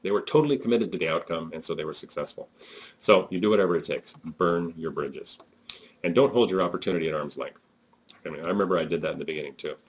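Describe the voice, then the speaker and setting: A man's voice: deep voice, fast, slightly rough. A man giving a conversational, emphatic motivational talk as a network marketing trainer, with frequent fillers.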